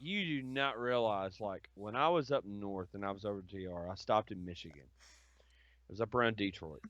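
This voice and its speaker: A man's voice: on the low side, normal speed, a bit bright, no echo, dull audio. A man from Tennessee with a Southern accent, chatting casually as a stream host and swearing freely as he tells road stories. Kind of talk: casual chat.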